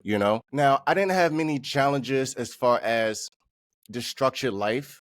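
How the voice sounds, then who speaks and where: A man's voice: mid-range voice, a little slow, dry recording, clean studio sound. A man hosting a podcast, speaking in a loose, reflective way with many fillers. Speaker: podcast host. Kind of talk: casual interview talk.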